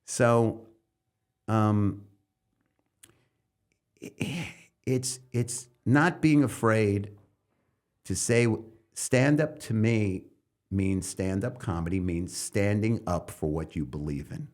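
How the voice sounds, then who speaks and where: A middle-aged man from New York City, a stand-up comedian and coach, talking loosely as a podcast guest and breaking into loud comic bits mid-thought. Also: fairly low pitch, slow pace, long pauses. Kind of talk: loose conversational interview talk.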